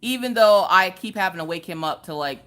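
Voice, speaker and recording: Expressive and brisk, a woman with a Southern drawl from the US talks loudly to viewers on her laid-back live stream. Greetings send her voice shooting up into high squeals.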